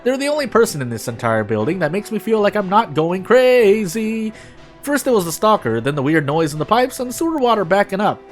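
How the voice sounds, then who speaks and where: A man's voice: high-pitched, big pitch swings, fairly quick, soft background music, voice pushed up. A man doing a lonely young diary-writing woman. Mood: excited, uneasy. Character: lonely anxious young woman office worker keeping a diary.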